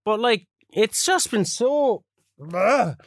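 A man co-hosting a podcast in casual chat, animated and laughing, swearing freely. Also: extremely high pitch, slow pace, no room sound, studio quality. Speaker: podcast co-host.

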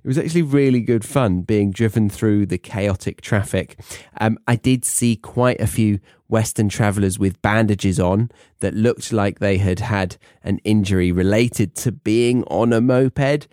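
Young british guy, host, low voice, casual self-deprecating monologue, dry close mic. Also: measured pace, darkish tone, dry recording. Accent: British English. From England. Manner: chatty, self-mocking, rambling asides. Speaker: podcast host. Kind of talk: casual monologue for English learners.

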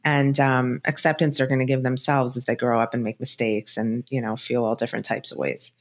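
A woman's voice: extremely low pitch, flat delivery, brisk. A middle-aged woman, a divorce specialist and author, giving frank, reassuring advice as a guest in a podcast interview.

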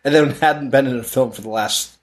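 A man's voice: medium pitch, a little fast. A man co-hosting a casual horror movie podcast, blunt and profane, speaking with emphasis. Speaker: podcast co-host. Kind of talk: casual chat.

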